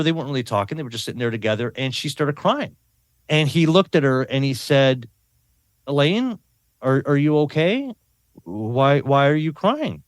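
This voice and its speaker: A man's voice: on the high side, dry recording, clean studio sound. A man as a podcast guest talking earnestly in a casual conversation, often repeating words and adding tag questions.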